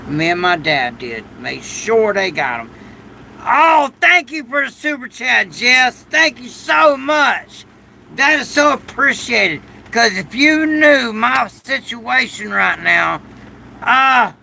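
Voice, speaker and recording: An older man with a deeply gravelly, rough voice that sits high for a man and cuts through sharply. He talks slowly and rambles through a casual livestream, breaking into loud thanks for his viewers. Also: a little hiss or hum, low-quality recording. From United States. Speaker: livestream host. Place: shed during a storm.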